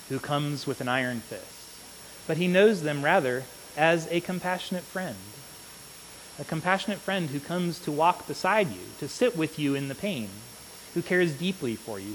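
An earnest male preacher with a fairly high-pitched voice delivers a sermon and keeps turning to his listeners with "right?". His voice rings out with a long reverb in a church sanctuary. A faint hiss runs under the recording. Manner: earnest, repeats "right?" to the congregation.

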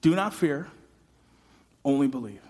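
A man voicing a forceful, commanding male teacher in a sermon retelling, insistent and impatient. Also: mid-range voice, expressive, measured pace, voice pushed down. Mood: firm. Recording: long hall reverb.

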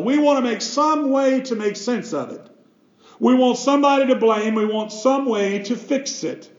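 Man, pastor, emphatic sermon, very high voice, roomy muffled church recording. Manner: emphatic preaching with rhetorical questions.

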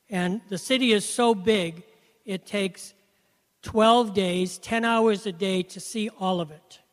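A man's voice: sits high, in a large hall. A man giving an earnest personal testimony about faith, telling it as a story and often saying "you know". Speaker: Christian speaker sharing testimony.

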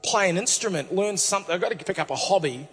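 A man's voice: high voice, animated, quick pace, fairly bright tone, breathy edge, long reverb tail, soft background music, voice pushed down, heavily acted. A man voicing a cheerful, cocky twelve-year-old shepherd boy in a laid-back, joking way. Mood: musing.

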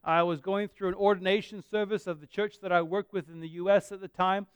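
Earnest Australian pastor with a clear voice. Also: male voice, high-pitched, steady tone, no room sound. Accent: Australian mixed with American. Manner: earnest, conversational preaching with dramatic pauses. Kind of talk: sermon.

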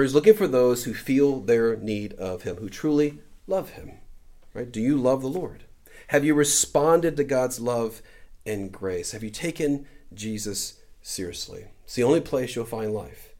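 A man's voice: medium pitch, lively intonation, moderate pace, a little mellow. A man preaching as a pastor in a conversational way, often adding "right?" as he goes. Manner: conversational, with frequent "right?" tags. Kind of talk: sermon.

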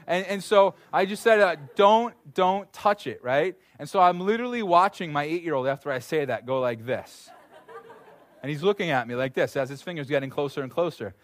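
A man in his thirties preaching a sermon in a lively, conversational way, full of asides and restarts. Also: a little high, fairly quick. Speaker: pastor.

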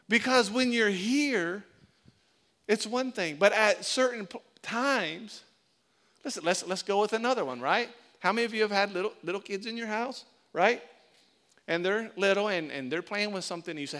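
A man's voice: sits high, moderate pace. A man preaching a sermon as pastor, telling stories and acting out little scenes as he goes. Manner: animated storytelling, acts out little scenes.

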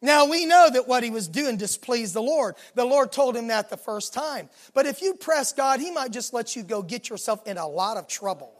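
A man preaching a sermon, retelling a scripture story in lively, casual words and acting out the dialogue. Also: very high-pitched. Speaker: pastor.

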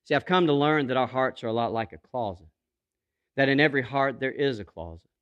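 A man preaching a sermon, moving from quiet, intimate passages to emphatic, rising calls to the congregation. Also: mid-range voice, a little fast, smooth, muffled recording. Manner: dynamic preaching, swings from hushed to emphatic. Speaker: pastor.

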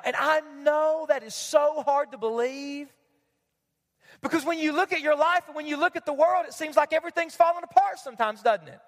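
A man's voice: very high-pitched, a bit bright. A man preaching a sermon as pastor, emphatic, repeating key lines and asking the congregation questions. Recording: long hall reverb.

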